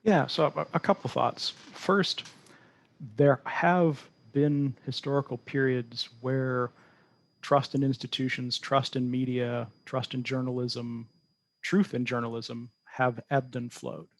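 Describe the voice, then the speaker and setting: A man answering interview questions in a measured, explanatory way, sometimes correcting himself as he goes. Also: medium pitch, level tone, creaky. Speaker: guest researcher.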